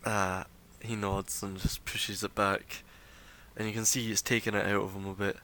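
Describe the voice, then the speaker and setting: A man narrating as game master, describing scenes in a relaxed way with fillers. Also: fairly low pitch, normal speed, rough recording.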